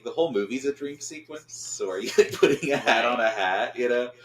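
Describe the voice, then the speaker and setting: A man in a casual film review chat, working through his points with halting restarts. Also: medium pitch, echoey room, a crowd in the background.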